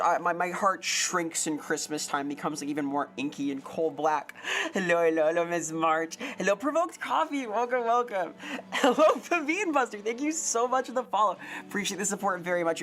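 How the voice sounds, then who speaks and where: A woman streaming casually, greeting chat by name with bubbly, pun-filled talk that leaps up in pitch on her hellos. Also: moderate pace. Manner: bubbly, punny, swoops up on greetings.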